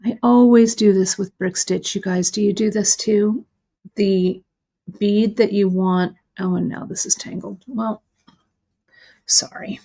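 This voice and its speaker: A woman's voice: mid-range voice, steady tone, unhurried, creaky, warm tone. A middle-aged woman demonstrating beadwork live, chatty and self-deprecating as she talks through her own mistakes while she works. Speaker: beading instructor.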